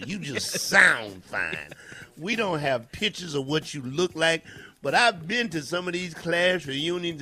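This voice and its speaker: A high-voiced man on a morning radio show jokes and teases, his pitch leaping all over the place. His voice is bright and sharp. His manner is playful and his delivery full of comic emphasis. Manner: playful and teasing, swooping into mock voices. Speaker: radio co-host. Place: radio studio. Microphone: studio microphone.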